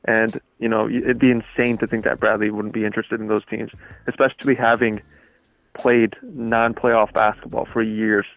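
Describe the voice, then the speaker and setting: A man's voice: fairly low pitch, flat delivery, normal speed, a bit bright, soft background music, rough recording. A man appearing as a guest sports writer on a podcast, giving confident, emphatic opinions. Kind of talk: casual sports chat.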